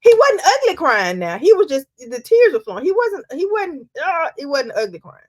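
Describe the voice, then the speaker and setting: A woman's voice: sits high, normal speed. A woman co-hosting a casual chat podcast, telling stories with energy and acting out quotes. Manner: animated storytelling, acts out quotes. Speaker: podcast co-host.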